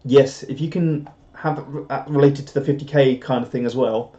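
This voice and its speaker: On a dull, lo-fi recording, a man chats casually on his live stream, rambling and joking as he reads out viewer comments. He has a warm, mid-range voice with fairly even intonation and a moderate pace.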